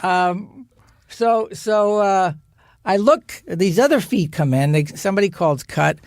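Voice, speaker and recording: A man's voice: measured pace, no room sound, studio quality. A man telling showbiz stories in casual chat, acting out the quotes and laughing often. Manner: animated, acts out quotes in a higher voice, laughs often. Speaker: guest actor telling stories.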